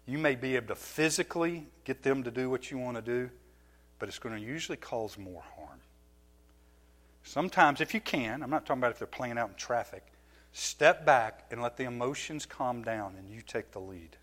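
A middle-aged man giving a sermon as a pastor, telling stories from his own life with lively, self-mocking laughter. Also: mid-range voice, moderate pace. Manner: animated storytelling, laughing at himself.

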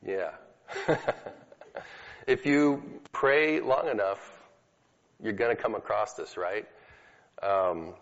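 A man speaks to an audience in a casual, story-driven teaching style, full of fillers and asides. His voice sits a little low. The recording is dull and lo-fi, with a long echo from a large hall. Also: takes it slowly, pauses often. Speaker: speaker teaching about healing prayer. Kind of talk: conversational teaching talk to an audience.

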